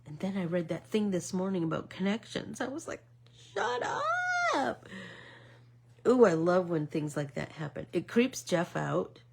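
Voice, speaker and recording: A middle-aged woman vlogger chatting casually as she makes art, telling a rambling story with many fillers and now and then dropping to a soft whisper. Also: fairly low pitch, animated, moderate pace, creaky, hardly any pauses, husky. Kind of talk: casual chat while making art.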